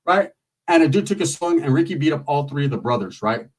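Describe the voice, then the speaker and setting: A man's voice: a little high, fast talker, recorded from a distance. Profane man telling a street story. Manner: loose street slang, animated with lots of acted quotes.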